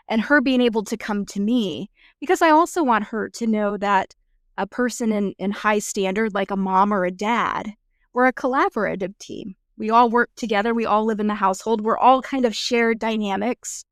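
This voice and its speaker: A woman's voice: mid-range voice, normal speed, dry recording, clean studio sound. A woman nurse practitioner and mother of a young child explaining her views in a thoughtful, supportive way during a casual podcast conversation.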